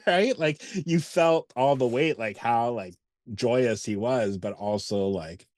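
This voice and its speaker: A man's voice: mid-range voice, takes it slowly, a little mellow, no echo, clean studio sound. A man co-hosting a casual movie podcast, retelling favorite scenes with laughter and casual swearing. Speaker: podcast co-host. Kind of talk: casual movie review chat.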